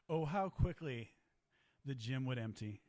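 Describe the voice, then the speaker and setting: A man calls a youth ninja competition live, mixing play-by-play with easy jokes and banter. His voice sits at a middle pitch, relaxed and conversational. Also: slow pace. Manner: joking, chatty banter. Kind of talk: live sports commentary.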